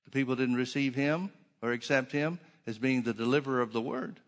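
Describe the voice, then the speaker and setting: A man's voice: medium pitch, steady tone, a little fast. Guy preaching a sermon, keeps asking questions and repeating himself, long echoey hall reverb. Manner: emphatic, repeats key phrases, rhetorical questions.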